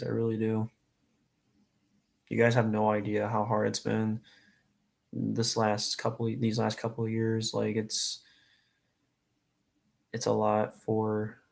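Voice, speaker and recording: A man's voice: fairly low pitch, monotone, takes it slowly, gravelly, pauses often. A late-teens young man livestreaming, talking in an earnest, rambling and openly emotional way to his viewers. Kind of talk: casual live stream chat.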